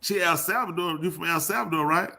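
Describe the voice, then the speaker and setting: Teasing bright-voiced male show host. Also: fairly high pitch, fast talker, vocal fry. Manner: teasing, loud, uses dialect grammar. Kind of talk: casual radio chat.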